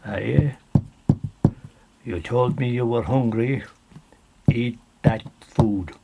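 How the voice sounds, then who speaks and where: A man with an Irish accent voicing an insistent male stranger who keeps pressing food on his guest, in a gravelly husky voice. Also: medium pitch, very slow, warm tone, slight background noise. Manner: firm, repeats orders.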